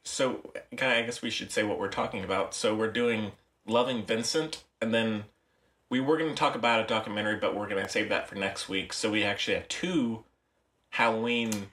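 A young man hosting a casual film podcast, talking with a relaxed, dry understatement. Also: fairly low pitch, fairly quick, recorded from a distance. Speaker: podcast host. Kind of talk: casual chat. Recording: roomy echo, voice set back from the mic.

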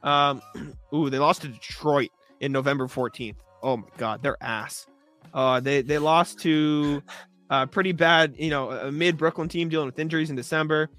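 A young man co-hosting a sports podcast builds into an exasperated, sarcastic rant peppered with throat clearing, though his tone stays steady and his pace moderate. Faint music runs below his bright, slightly high voice.

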